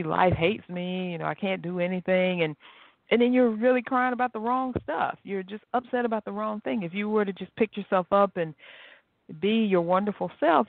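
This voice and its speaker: A woman's voice: fairly low pitch, dry recording. A woman hosts a solo motivational talk, chatting freely and telling stories with animation. Her voice comes through a narrow, tinny phone-like line. There is no room sound around it at all. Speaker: podcast host.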